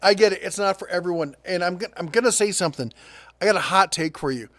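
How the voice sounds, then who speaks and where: A middle-aged man hosting a casual deals rundown, chatty and quick with asides, laughing at his own jokes. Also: sits high, fairly bright tone, no room sound. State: prone to coughing fits. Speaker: host of a tool and deals channel.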